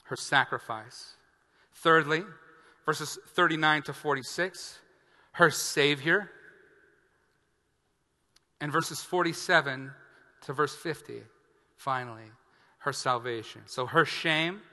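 A pastor tells a comic story from the pulpit, acting out each line of the exchange with real animation. His voice is bright and a little high for a man. The sound hangs in a large hall with a long reverb. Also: slow pace, pauses often. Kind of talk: sermon with a funny personal story. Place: church sanctuary.

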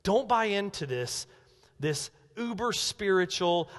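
A man with a high-pitched voice preaches a sermon, animated and emphatic, dropping low and then rising to loud declarations. His voice carries a long reverb from a church sanctuary. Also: moderate pace. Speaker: pastor.

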